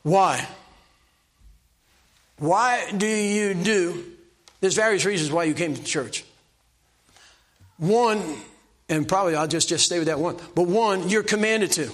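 Older male preacher, high-voiced, homespun and self-mocking, hammers one point again and again. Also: measured pace. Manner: folksy, self-deprecating preaching with repeated exhortations. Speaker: pastor. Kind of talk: sermon.

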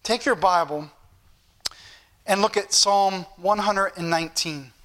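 Male preacher, high bright voice, earnest teaching, slows down for scripture. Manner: slows down and rises in pitch when reading scripture aloud; earnest, repetitive teaching delivery. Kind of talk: sermon.

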